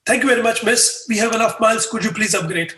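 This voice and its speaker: A man's voice: high-pitched, fast. A man, a guest in an interview, telling a story and acting out the dialogue. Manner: animated, acts out dialogue with voices. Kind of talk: storytelling in conversation. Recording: echoey room, far from mic.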